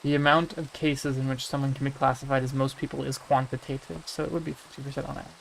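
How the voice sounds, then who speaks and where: A man's voice: medium pitch, little pitch movement, quick pace, vocal fry, a bit bright, slight background noise. A man from the United States, talking casually on a game livestream and musing as he answers chat messages. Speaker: game streamer.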